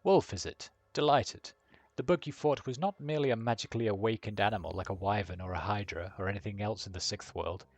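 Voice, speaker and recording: A man's voice: on the low side, a little fast, no room sound. A man voicing a flamboyant painted elf who lectures in a breezy, wry way.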